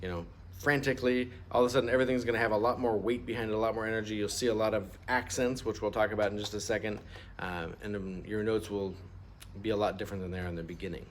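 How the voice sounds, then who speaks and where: A man's voice: lowish voice, steady tone, quick pace, a little hiss or hum. A middle-aged man teaching a music lesson, patient and explaining step by step, asking students to repeat terms aloud. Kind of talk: instrument lesson walkthrough.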